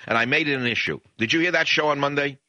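A man's voice: on the high side, fast talker, bright, forceful tone, no echo, muffled recording. A man hosting a talk radio show, delivering a combative monologue in bombastic bursts. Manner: bombastic, rising to emphatic peaks.

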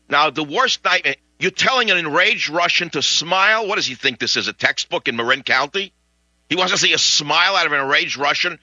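A man hosting talk radio, telling a story in animated comic outrage. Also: a little high, moderate pace, no room sound, dull audio.

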